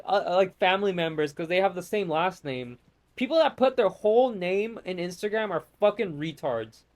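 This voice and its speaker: This man's voice sits fairly high as he grumbles over gameplay, swearing in scattered, fed-up bursts. His talk wanders from gripe to gripe in an offhand, unrehearsed way, much like a channel host addressing viewers.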